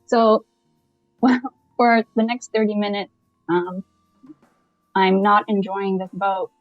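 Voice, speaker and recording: A woman from Canada, a podcast guest, telling a personal story in a lively, casual way and laughing often as she goes. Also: mid-range voice, slow, dry recording, lo-fi sound, soft background music.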